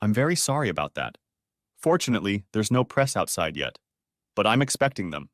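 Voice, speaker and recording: Male reader doing polite innkeeper, low, soft, apologetic; dry. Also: very animated, fairly quick, dry recording. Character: polite middle-aged male winery owner.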